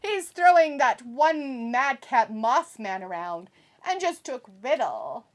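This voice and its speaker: Lively, playful woman stream host. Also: high-pitched, slow pace. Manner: teasing, calls people darling, giggly asides. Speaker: watch-along stream host. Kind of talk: playful live commentary and chat reading.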